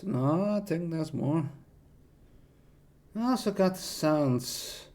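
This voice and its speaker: A voice-acting streamer casually introducing himself, rambling and self-deprecating, with many hesitations. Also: male voice, a little high, very animated, takes it slowly, long pauses, darkish tone. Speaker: voice actor streamer.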